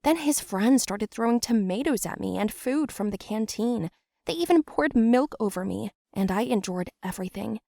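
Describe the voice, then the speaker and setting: A woman's voice: on the high side, expressive, moderate pace, creaky, mellow, dry recording. Brief: young female narrator, matter-of-fact storybook read, dry close mic. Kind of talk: scripted first-person storybook narration.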